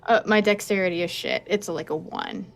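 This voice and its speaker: Woman player, mid-pitched, casual, blunt, swears. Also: normal speed, vocal fry. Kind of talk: casual tabletop game chat.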